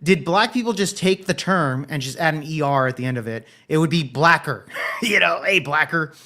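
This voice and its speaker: A man hosting a casual podcast discussion, loose and joking, with quick interjections. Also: fairly high pitch, lively intonation, bright, forceful tone.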